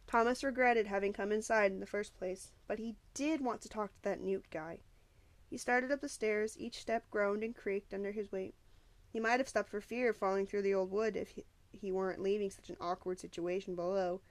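A woman reads a novel aloud with steady, even storytelling and the odd small slip. Her voice sits mid-pitch. The recording is dry and close, with little room sound. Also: normal speed, dry recording. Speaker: audiobook narrator.

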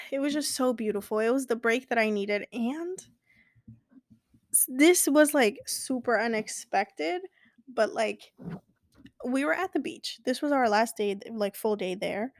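A young woman with a fairly high voice tells a casual vlog story, rambling and restarting with plenty of "like" fillers. She gushes with enthusiasm, and the recording is close and dry with no room sound. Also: dry recording. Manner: enthusiastic and gushing.

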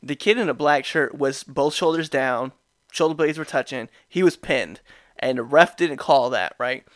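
A man hosting a podcast, telling a story in a casual, animated way with frequent laughs and restarts. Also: mid-range voice, moderate pace, no echo, clean studio sound. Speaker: podcast host.

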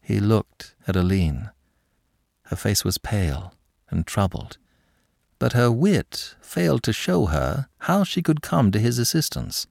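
Brief: male audiobook narrator, expressive storytelling, dry close mic. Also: fairly low pitch, a little slow, creaky, no room sound. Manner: expressive, dramatic reading.

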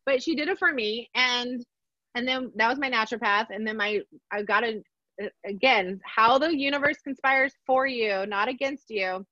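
A middle-aged woman telling a personal story in conversation, animated and acting out the voices of others, laughing often. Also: a little high, normal speed, dry recording. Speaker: podcast guest. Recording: dull, dry sound.

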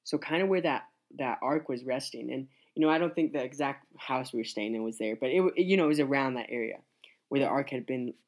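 A young man, a youth pastor, telling his story in a casual interview, earnest and halting with many restarts. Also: mid-range voice.

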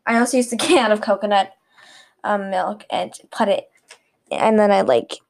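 A woman's voice: mid-range voice, normal speed, gravelly. A teenage girl hosting a casual solo podcast from a bedroom, rambling and giggling self-consciously into a webcam mic set some distance away. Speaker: podcast host. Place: bedroom at home.

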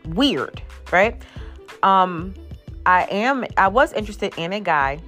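Woman, 30s, lower voice, blunt venting vlogger, faint music under her. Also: fairly bright tone. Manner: blunt, exasperated, swears freely. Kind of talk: casual ranting monologue.

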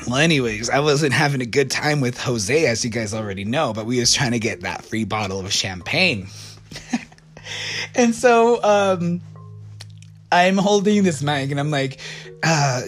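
A man's voice: medium pitch, expressive, moderate pace, faint music behind. An American man casually telling a personal story, rambling and correcting himself with lots of fillers. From United States.

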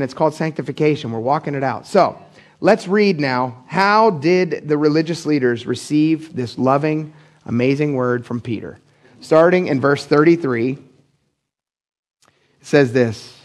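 A middle-aged man from Pennsylvania preaching a casual, blunt sermon as pastor, acting out the people he quotes with big jumps in his voice. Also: mid-range voice. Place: church.

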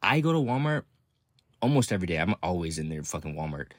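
Husky profane man ranting casually. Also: sits low, fast, no room sound, studio quality. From Texas. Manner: profane, rambling, laughs often, swings up into excited outbursts. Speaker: podcast host.

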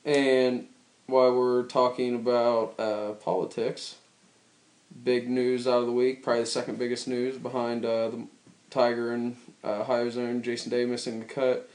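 A man's voice: mid-range voice, completely flat delivery, darkish tone. Rambling young man in an echoey room. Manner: rambling, joking, drawn-out pauses. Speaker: podcast co-host. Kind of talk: casual chat.

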